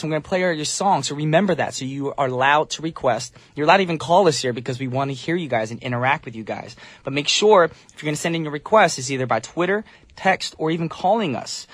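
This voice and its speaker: A man's voice: a little high, a bit bright, no echo. A man hosting a morning radio show in casual chat, upbeat and joking as he reads listener messages. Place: radio studio. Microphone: studio mic.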